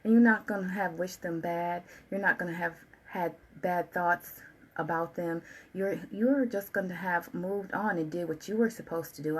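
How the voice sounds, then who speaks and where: A woman giving a channeled tarot reading, talking in an animated, colloquial way and repeating phrases in a preaching rhythm. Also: fairly low pitch, moderate pace, husky, low-quality recording. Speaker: tarot reader.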